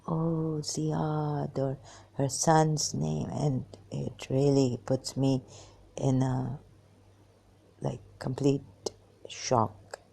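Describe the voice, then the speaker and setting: Tired woman on her phone, super low gravelly voice, slow and halting, keeps dropping to a whisper. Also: mellow. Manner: halting, hesitant, drifting into whispers. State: exhausted. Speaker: vlogger. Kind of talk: personal monologue to camera. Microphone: phone held in hand.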